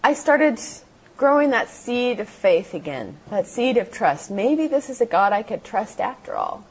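A woman's voice: on the high side, sing-song, unhurried, breathy edge. A woman telling her life story to a seated audience in a meeting hall, earnest and heartfelt, acting out the voices in her memories. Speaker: motivational speaker. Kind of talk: testimony talk to a live audience.

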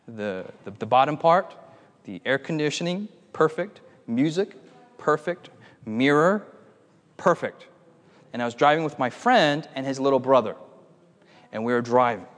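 A man preaching a lively sermon, telling a playful story and calling on the audience for amens. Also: mid-range voice, big-room sound. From United States.

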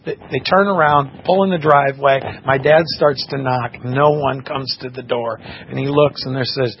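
A man's voice: medium pitch, fairly even intonation, moderate pace, breathy edge. Earnest preaching man, muffled recording. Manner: earnest, impassioned storytelling. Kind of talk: sermon with personal testimony. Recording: muffled recording with faint background noise.

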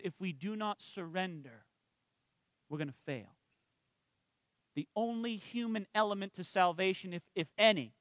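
In this dry, close recording, a male minister with a bright, high voice preaches a sermon woven with stories from his own life. He talks to the congregation casually and now and then calls for an "amen," then drops to a slow, hushed delivery to drive home each spiritual lesson.

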